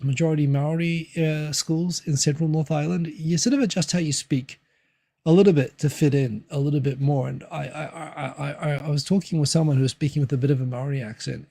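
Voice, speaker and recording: Man, New Zealand accent, livestream host, mellow husky voice, rambling with fillers. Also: fairly high pitch. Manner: rambling, many fillers and restarts. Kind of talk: casual livestream commentary reading chat.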